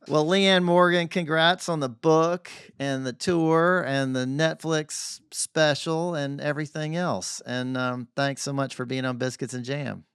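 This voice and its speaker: Guy hosting a podcast, smooth voice, dry close sound, kinda halting with ums. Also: fairly high pitch, steady tone, fairly bright tone, no room sound. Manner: measured, halting questions with fillers. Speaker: podcast host. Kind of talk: interview.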